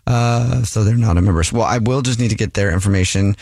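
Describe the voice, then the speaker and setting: A man's voice: lowish voice, fast, vocal fry, darkish tone, no echo. A man hosting a radio show, playfully posing as a gym employee on a prank phone call. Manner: playful, poses as gym staff. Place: radio studio.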